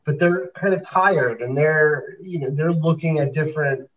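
A man's voice: on the high side, moderate pace, recorded from a distance. Male host, conversational and affirming, off-mic, dull audio. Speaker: host and fundraising consultant. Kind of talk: podcast conversation.

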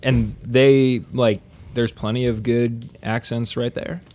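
A man hosting a casual podcast, joking and rambling through loose banter with quick asides. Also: medium pitch, flat delivery, a little mellow. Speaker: podcast host.

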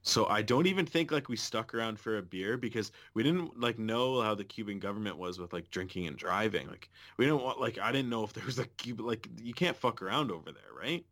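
A man co-hosting a podcast, casually telling a lively travel story and swearing often. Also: on the low side, brisk, hardly any pauses. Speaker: podcast co-host.

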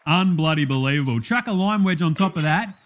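A man's voice: fairly high pitch, expressive, brisk, some chatter behind, slight background noise, lightly acted. A man playing a brash, blokey Australian cooking-show host in a comedy sketch, matey and full of slang. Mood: jolly, blokey. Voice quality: loud, matey, slangy, laughing at himself.

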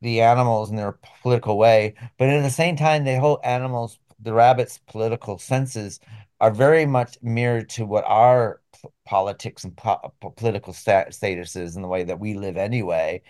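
A man hosting a book podcast, reading a plot synopsis and then discussing the book in loose, halting speech. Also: on the low side, steady tone, a little mellow. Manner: hesitant, restarts often when talking freely. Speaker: podcast host.

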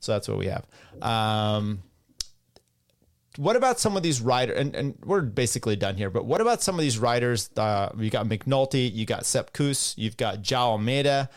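A man's voice: medium pitch, very animated, moderate pace. A middle-aged man hosting a cycling podcast, rambling bluntly in casual solo commentary and reading listener comments aloud.

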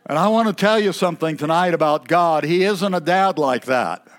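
A man preaching a sermon in a church, folksy and chatty, with asides and throat-clearing. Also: fairly high pitch, normal speed.

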